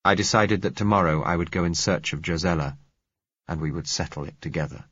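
Deep, husky male narrator. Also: a bit bright, no echo. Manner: measured, reflective first-person telling. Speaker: audiobook narrator. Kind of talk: scripted narration. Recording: dull lo-fi recording.

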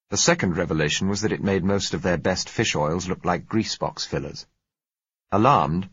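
A man narrating a novel in a measured, even storytelling manner, in a dull lo-fi recording. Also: deep voice, husky, no room sound. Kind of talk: audiobook narration.

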